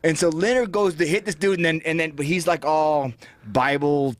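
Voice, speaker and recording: A man's voice: a little high, moderate pace, no room sound. Brash, profane man telling a story. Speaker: interview guest. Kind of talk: casual storytelling.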